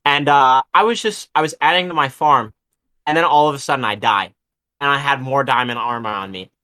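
A man's voice: medium pitch, brisk, pushed and bright, dry recording. A young man co-hosting a podcast, rambling through a gaming story in casual chat and swearing freely. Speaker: podcast co-host.

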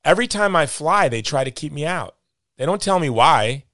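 A man's voice: a little high, animated, normal speed, fairly bright tone, no room sound, studio quality. A man hosting an interview, chatty and full of joking asides and stories. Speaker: host. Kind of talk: casual interview chat.

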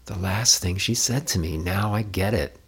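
Man as shy grieving man, soft, hesitant, deep voice, audiobook. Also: moderate pace, slightly rough. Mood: reflective.

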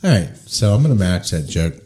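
A man's voice: deep voice, sing-song, fairly quick, mellow, slight background noise. A man hosting a podcast interview, easygoing and joking in casual chat. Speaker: podcast host.

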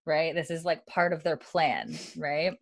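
Woman on a podcast, lowish voice, dry close sound, just chatting through the plot w lots of likes and ums. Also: expressive, unhurried, no echo. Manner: retells scenes with many likes and ums, quoting lines in a low, quiet voice. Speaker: podcast co-host recapping a TV episode. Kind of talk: casual recap chat.

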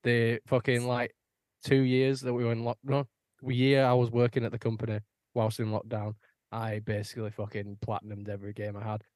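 A man's voice: medium pitch, completely flat delivery, fairly quick, a little mellow, no room sound. Sweary young man, dry close sound. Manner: sweary, laid-back storytelling. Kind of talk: casual chat.

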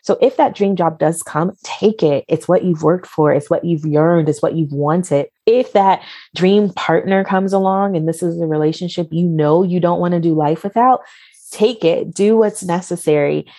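Low-voiced woman, emphatic coach. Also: moderate pace, warm tone, no echo, studio quality. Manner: motivational, emphatic repetition. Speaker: guest. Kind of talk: podcast interview answers.

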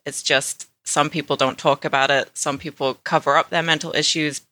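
A woman's voice: deep voice, fairly even intonation, normal speed, sharp tone, no echo. A middle-aged woman with a British accent, chatting casually as a podcast co-host, laughing easily. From United Kingdom. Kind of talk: casual chat.

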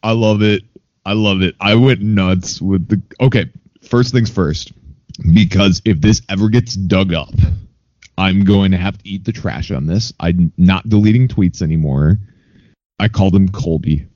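A very deep, mellow-voiced man co-hosting a loose sports chat. He rambles, swears freely and pokes fun at himself. The audio is dry and a little dull, like a home podcast setup. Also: unhurried, no room sound. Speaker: podcast co-host.

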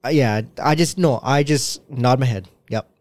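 A man's voice: mid-range voice, normal speed, a little mellow, no room sound. A man in casual chat, patiently explaining things and laughing often.

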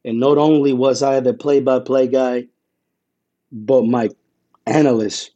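A man being interviewed, a play-by-play broadcaster telling his story in an animated, emotional way. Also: mid-range voice, lo-fi sound. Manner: animated and emotional, with dramatic pauses.

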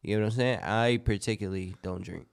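A man's voice: on the low side, fairly even intonation, fast talker, gravelly. A young man in casual podcast chat, telling rambling stories and often asking "you get what I'm saying?".

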